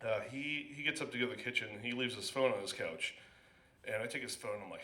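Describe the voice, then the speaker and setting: A man telling a stand-up story at an open mic, stumbling through it with restarts and fillers. His voice is very bright and cutting. The sound is roomy, the echo of a small club. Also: medium pitch. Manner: rambling, halting, with many restarts and fillers. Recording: echoey club room.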